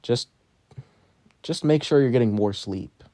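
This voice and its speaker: A man's voice: medium pitch, a little slow, mellow, dry recording, close to an everyday voice. A man voicing a weary but caring adult teacher who talks plainly. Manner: tired, plain-spoken.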